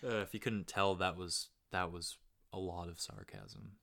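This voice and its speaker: A man's voice: sits low, fairly even intonation, moderate pace, fairly bright tone. A young man in casual chat, laid-back and self-mocking, swearing freely.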